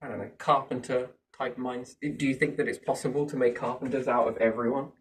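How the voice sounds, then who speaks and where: Man, casual speculative chat, rambling, rhetorical questions, medium pitch, slightly distant mic. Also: fairly even intonation, brisk, slight background noise. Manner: rambling, musing, keeps asking rhetorical questions. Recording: voice a bit far from the mic.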